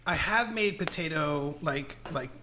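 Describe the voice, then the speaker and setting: A man's voice: on the high side, expressive, unhurried, over a noisy crowd. A man in his forties chatting casually at a dinner table, rambling and joking with frequent laughs. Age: 40s. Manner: rambling, jokey, laughs often. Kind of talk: casual chat.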